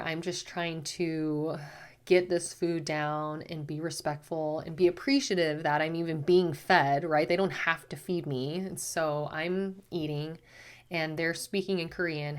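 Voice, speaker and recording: A woman with a low-pitched voice tells a personal story straight to camera. She speaks as a spiritual teacher, casual and chatty. She leans on "like" and slips into animated quotes of herself. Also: unhurried.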